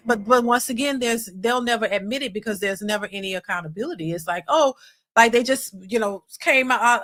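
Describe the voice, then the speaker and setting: Casting: woman host, high bright voice, emphatic live-stream commentary with frequent restarts. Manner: animated, restarts often, emphatic. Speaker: reaction channel host.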